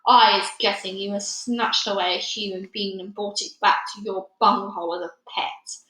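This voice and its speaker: Bullying greedy giant, put on by a woman reader, booming and slow, roomy sound. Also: steady tone, fairly bright tone, slight background noise, natural voice. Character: huge brutish male giant, bullying and greedy.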